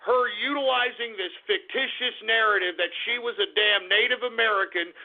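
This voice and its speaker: A man's voice: high voice, moderate pace. A man hosting a talk radio show, ranting angrily, swearing and repeating himself. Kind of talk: live talk radio rant. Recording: tinny phone-like lo-fi radio recording.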